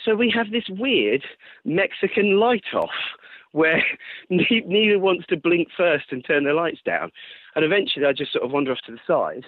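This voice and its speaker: A man telling a running story in casual chat, animated, swearing and laughing as he goes. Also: on the high side, normal speed, dry recording. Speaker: ultrarunner guest. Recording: tinny phone-line sound, dry.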